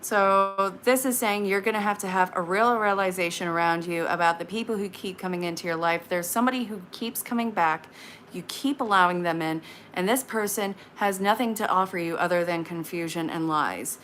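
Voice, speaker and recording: A woman in her late thirties giving casual tarot readings on a live stream, chatty and frank with quick asides. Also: lowish voice, a bit bright, a little hiss or hum. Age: 30s.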